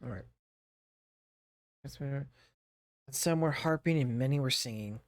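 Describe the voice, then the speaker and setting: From a home streaming setup, a streamer with a medium-pitched voice reads a book aloud to their chat at a slightly slow pace, steady but stumbling over words and breaking off for playful, chatty asides. The recording is dry and studio quality.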